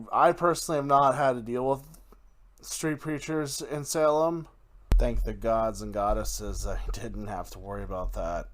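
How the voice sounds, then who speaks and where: Slow, rambling male podcast host. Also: on the low side. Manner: rambling, self-correcting, laughs at own slips. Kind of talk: casual solo podcast talk.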